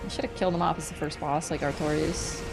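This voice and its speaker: Woman streamer venting and swearing while she plays, kinda low voice, game music going. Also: steady tone, quick pace, gravelly. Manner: chatty, ranting, swears freely. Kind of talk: casual gameplay commentary. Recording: game music playing under the voice.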